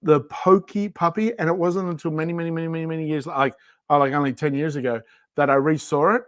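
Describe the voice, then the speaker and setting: A woman's voice: low voice, fairly even intonation, quick pace, no echo. Australian woman co-host, easygoing and playful, dead-dry sound. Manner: chatty, playful, giggly. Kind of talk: casual live chat.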